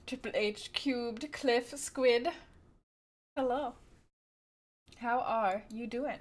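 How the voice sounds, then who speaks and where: Giggly high-voiced woman streamer. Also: steady tone, very slow. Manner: chatty, giggly, greets viewers by name. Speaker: livestreamer. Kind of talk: casual chat greeting viewers.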